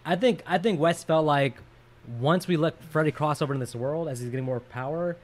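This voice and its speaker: A man's voice: on the high side, a little fast. A man co-hosting a casual movie podcast, chatty and jokey, often trailing off with fillers. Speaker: podcast co-host.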